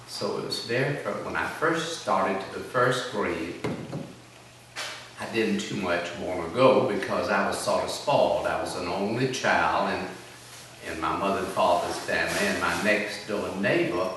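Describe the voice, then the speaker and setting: This oral history interviewee, an older South Carolina man, speaks in a low, unhurried voice as he reminisces about his childhood. His stories ramble and are folksy and self-deprecating. The recording is echoey, with a distant mic and background noise.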